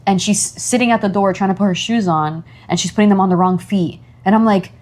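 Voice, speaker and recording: A woman's voice: medium pitch, fairly quick, a little mellow. A young woman co-hosting a casual podcast, telling stories expressively and often repeating phrases as she goes. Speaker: podcast co-host. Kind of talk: casual chat.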